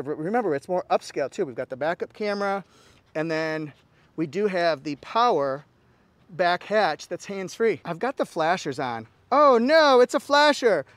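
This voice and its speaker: A man's voice: high-pitched, no room sound. A man giving an upbeat, jokey walkaround car review, with playful exclamations.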